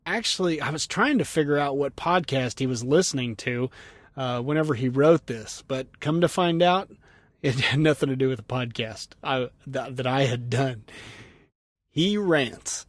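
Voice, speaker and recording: A man's voice: mid-range voice, moderate pace, no room sound. A man hosting a trucking podcast, chatting casually through listener mail, laughing often and leaning on "you know" fillers. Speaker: podcast host and truck driver.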